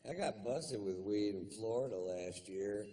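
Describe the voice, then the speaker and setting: A male stand-up comedian telling stories in a dry, deadpan way with crude punchlines. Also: lowish voice, unhurried, noisy background.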